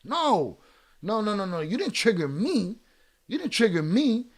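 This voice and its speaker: A man's voice: sits high, very animated, unhurried. A man, streaming and heatedly berating a viewer in chat, swearing hard. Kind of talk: angry livestream rant.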